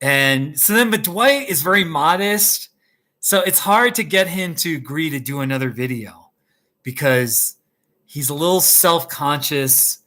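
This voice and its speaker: A man's voice: on the high side, pushed and bright. A man hosting a casual live stream from his home kitchen, rambling and laughing often as he chats with viewers. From United States. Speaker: YouTube host.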